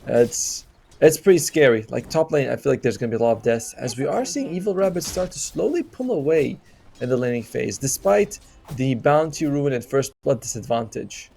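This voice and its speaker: A male esports co-caster with a gravelly, creaky voice, giving chatty analysis over a live match. Faint noise sits behind him. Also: medium pitch, lively intonation, fairly quick, warm tone. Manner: chatty and analytical, trails into reactions. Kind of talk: live color commentary.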